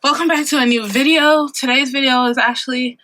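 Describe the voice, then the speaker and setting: A woman's voice: high-pitched, steady tone, a little fast, bright, forceful tone. A woman in her late twenties talking casually to camera in a vlog, chatty and dramatic, laughing often. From Ohio, USA. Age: 20s. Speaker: vlogger. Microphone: compact camera mic.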